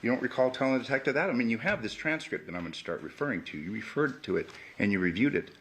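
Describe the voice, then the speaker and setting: A man's voice: mid-range voice, expressive, racing, fairly bright tone, a little hiss or hum. A man, a defense attorney, cross-examining a witness in a courtroom, pressing with short questions that end in "correct?". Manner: pressing, repeats "correct?" to pin down answers.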